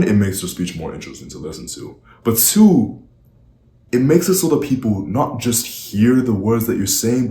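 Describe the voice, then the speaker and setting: Deep-voiced emphatic male speaking coach. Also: mellow, reverberant. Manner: emphatic, varies speed and volume for weight. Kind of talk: direct-to-camera coaching talk.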